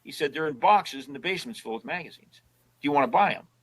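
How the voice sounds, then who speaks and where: A man's voice: fairly high pitch, animated, quick pace, breathy edge, poor audio. An older man, a guest in an interview, telling casual stories and acting out both sides of old conversations in a folksy way. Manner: folksy storyteller who acts out both sides of past conversations.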